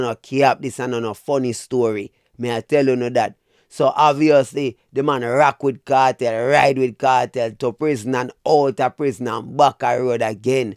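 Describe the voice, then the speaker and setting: A man's voice: mid-range voice, clear, resonant tone, dry recording, studio quality. Jamaican man in preachy vlog commentary. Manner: animated, preachy, addresses viewers as "people". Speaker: dancehall commentary vlogger. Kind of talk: opinionated commentary.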